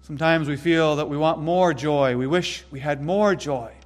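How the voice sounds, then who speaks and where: Earnest preacher man, higher-pitched. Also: big-room sound. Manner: earnest preaching, emphatic repetition, slows for stress. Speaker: pastor. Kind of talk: sermon.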